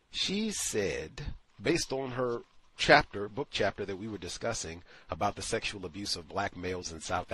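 Male call-in host, low husky voice, animated emphatic delivery, dry close sound. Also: no echo. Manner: emphatic, incredulous, acts out quotes. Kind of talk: opinionated radio monologue.

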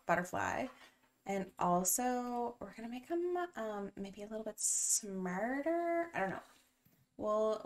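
A woman chatting through a life-sim game as a bubbly channel host, often correcting herself mid-sentence. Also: mid-range voice. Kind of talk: casual game commentary. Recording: voice distant from the mic, faint music.

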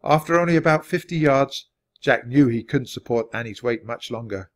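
A man's voice: mid-range voice, normal speed. Man reading a children's storybook. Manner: steady, clear read-aloud pacing. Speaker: storybook reader.

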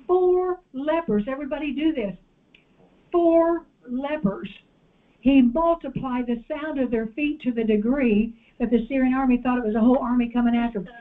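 A woman preacher delivering an animated sermon and calling out to the congregation in a church. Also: a little high. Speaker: guest preacher. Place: church sanctuary. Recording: tinny phone-like audio.

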